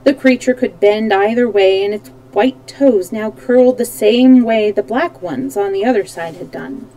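A woman's voice: medium pitch, moderate pace, warm tone, low-quality recording. A woman reading a children's storybook aloud, animating the characters and correcting small slips as she goes. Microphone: streaming microphone.

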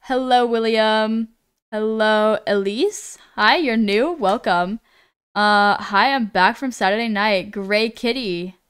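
Smooth-voiced woman chatting on a live stream. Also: a little high, slow, fairly bright tone. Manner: reads chat aloud, apologetic, stumbles over names. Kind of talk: casual live-stream chat.

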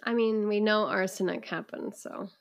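A woman co-hosting a true-crime chat, reacting with quick short comments. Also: mid-range voice, fairly even intonation, creaky. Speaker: podcast co-host. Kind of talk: casual chat.

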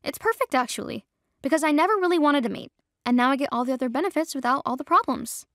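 A woman's voice: high-pitched, expressive, fast, no echo, studio quality, pitched above the performer's own voice. A woman voicing a heartbroken young woman rejected by her mate, pleading and tearful, in an audio drama. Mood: defensive. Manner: tearful, pleading, hushed at times.

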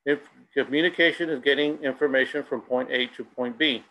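With a sharp tone and a brisk pace, a middle-aged school presenter shares anecdotes while alternating between Spanish and English. His voice is mid-range, and the recording is low quality.

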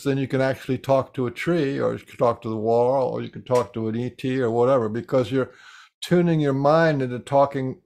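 A man on a talk show, demonstrating something eagerly and restarting his sentences often. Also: mid-range voice. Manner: animated demonstrating with frequent restarts. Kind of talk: casual chat.

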